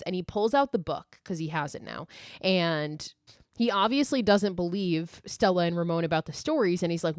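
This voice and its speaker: Low-voiced woman recapping a movie. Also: normal speed, dry recording, studio quality. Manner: chatty and profane, heavy use of "like". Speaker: podcast host.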